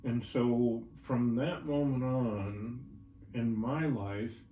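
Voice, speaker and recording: A man's voice: mid-range voice, steady tone, drawn-out words, warm tone. Older man telling a folksy story. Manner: folksy, checks in with "right?" and "all right?". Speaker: horse trainer guest. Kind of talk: personal storytelling in an interview. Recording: roomy, from a distance, faint ambience.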